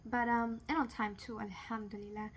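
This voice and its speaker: A young woman vlogger rambles loosely through a casual confessional vlog to her viewers, her voice a little high, her tone level, and her pace normal. She packs her talk with fillers like "like" and "you know" and laughs off serious things that trouble her. A faint hum runs in the background.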